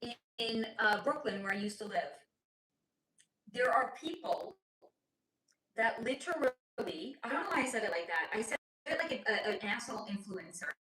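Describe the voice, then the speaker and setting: Animated woman chatting on a livestream, echoey room. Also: medium pitch, moderate pace. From United States. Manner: animated, swearing, rambling asides. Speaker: psychic reader on a livestream. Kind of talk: casual livestream chat.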